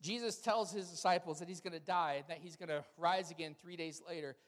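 A man, a pastor, preaching a sermon with humorous, animated storytelling. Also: on the high side, fairly quick, in a large hall.

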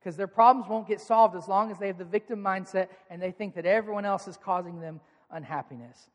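A man's voice: high-pitched, a little fast. A man preaching a sermon as pastor, speaking to his listeners in an earnest, direct way. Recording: long reverb of a large hall.

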